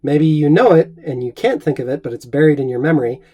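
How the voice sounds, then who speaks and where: A middle-aged man teaching a Latin lesson, measured and encouraging, reading Latin phrases aloud slowly. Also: a little high, slightly rough, muffled recording.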